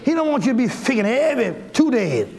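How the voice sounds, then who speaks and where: A man preaching a sermon to his congregation, folksy and exuberant, breaking into shouts and laughter. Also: very high-pitched, big pitch swings, fast talker, creaky. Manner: folksy, talks directly to congregation members. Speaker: pastor. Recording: live church with crowd audible.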